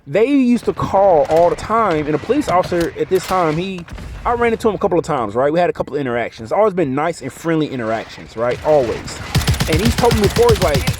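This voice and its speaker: Speaking into a phone mic against a clearly noisy background, a man tells a personal story in a casual, chatty monologue, often checking in with the listener. His voice sits high, very animated and fast.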